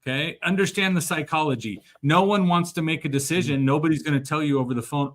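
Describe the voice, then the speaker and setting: A man hosts a live sales-training show, and his voice sits a little high for a man. He talks with energy and acts out the dialogue he quotes. He laughs often between points. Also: fast, hardly any pauses.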